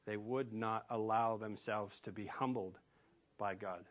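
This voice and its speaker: A man's voice: fairly low pitch, steady tone, measured pace, fairly bright tone. Man preaching with emphatic questions. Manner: emphatic, asks the listeners rhetorical questions. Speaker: pastor. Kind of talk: sermon.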